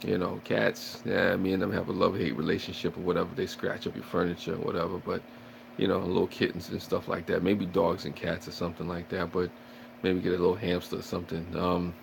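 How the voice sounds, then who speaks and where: A man's voice: deep voice, little pitch movement, fast talker, creaky, noisy background. A man chatting and joking with viewers on a casual livestream, rambling and playfully acting out scared shrieks. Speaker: livestream host.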